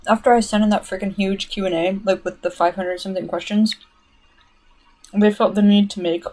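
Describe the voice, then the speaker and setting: A woman talks her way through a livestream, chatty and rambling as she jumps between her own points and viewer comments. Her voice sits at an ordinary middle pitch for a woman. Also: fairly even intonation, fairly quick, darkish tone, rough recording. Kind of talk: casual livestream chat.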